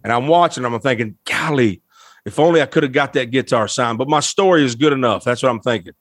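A musician guest telling an animated, emotional anecdote, laughing often as he talks. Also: medium pitch, fast, no room sound, studio quality. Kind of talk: storytelling anecdote.

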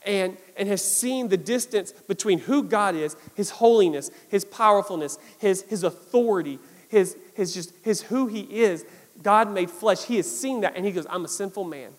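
A male pastor preaching a sermon, animated, with lots of repetition for emphasis. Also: high voice, moderate pace, long reverb tail.

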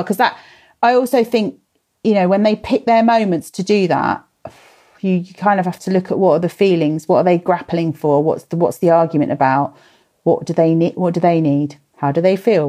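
A woman in her thirties or forties with a fairly low, mellow voice and a brisk pace runs a live parenting workshop. She chats, laughs and sighs, reading viewers' comments and answering them by name.

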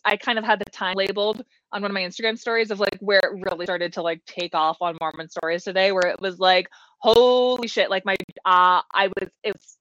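A woman's voice: medium pitch, a bit bright, dry recording, lo-fi sound. A woman on a live show telling a story in a candid, rambling way from a bedroom at home. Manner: candid, rambling, swears lightly. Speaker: regular co-host.

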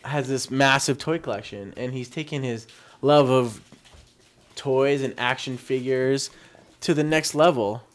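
A man chatting excitedly as a podcast guest, laughing and talking in quick bursts. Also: medium pitch. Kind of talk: casual chat.

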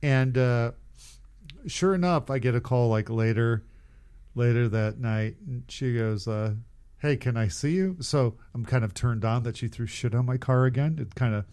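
A man's voice: mid-range voice, fairly even intonation, normal speed, darkish tone, smooth. A man casually telling a rambling, profane story on a podcast, often laughing at himself. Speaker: podcast co-host.

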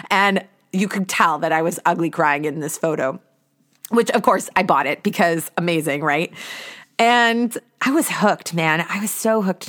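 A woman hosting a podcast, telling a personal story in a chatty way with lots of "like" and lively acted-out thoughts. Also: fairly low pitch. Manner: chatty, says "like" often; lively, acts out her own past thoughts. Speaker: podcast host.

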